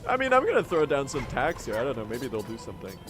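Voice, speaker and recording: A young man from Sweden, a native Swedish speaker, giving excitable live commentary to his chat as he streams a speedrun, swearing and reacting as he plays. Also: mid-range voice, fast talker, music in the background.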